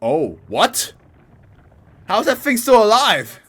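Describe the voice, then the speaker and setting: A man reacting out loud to an anime episode, laughing, swearing and talking back to the screen. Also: high-pitched, wildly swooping pitch, takes it slowly, breathy edge. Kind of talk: casual reaction commentary.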